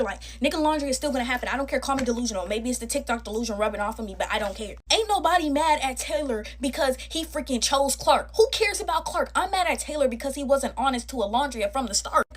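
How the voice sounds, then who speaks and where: A young woman telling a casual storytime at home, chatty and animated, full of slang, talking straight to her viewers. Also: sits high, a little hiss or hum. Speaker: storytime creator. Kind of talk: casual storytime chat while making slime.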